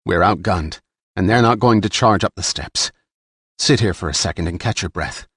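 A male narrator voicing a steady man who speaks low and terse under pressure. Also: normal speed, slightly rough, no room sound, clean studio sound. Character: calm steady male adventurer under fire.

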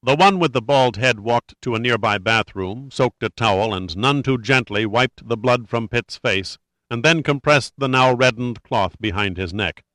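Bright-voiced male audiobook narrator. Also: medium pitch, moderate pace, dry recording.

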